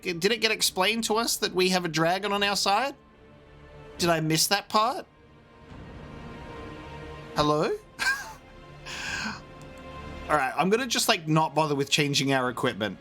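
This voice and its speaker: A young man giving casual, chatty commentary on a game he is playing blind, excitable and quick to laugh. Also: a little high, faint music behind. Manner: chatty, excitable, laughs often, many fillers. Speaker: gamer streaming a blind playthrough.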